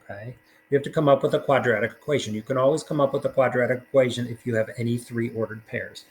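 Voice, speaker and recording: A man's voice: mid-range voice, fairly even intonation, fast, poor audio. A man teaching a recorded math lesson, talking casually through worked problems with fillers along the way.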